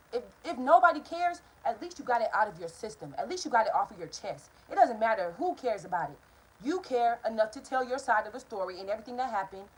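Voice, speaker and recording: A young woman tells a story for her vlog at a quick clip. She is talkative and rambling, blunt and profane, and keeps drifting off topic. She talks straight to her viewers in a casual way. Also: on the high side, slightly rough, low-quality recording. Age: young adult. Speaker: vlogger.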